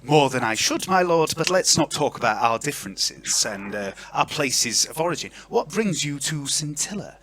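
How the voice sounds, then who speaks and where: A man's voice: fairly high pitch, sing-song, fairly bright tone, a little hiss or hum, voice pushed up. Man voicing a composed, polite noblewoman. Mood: courteous. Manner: polite, measured.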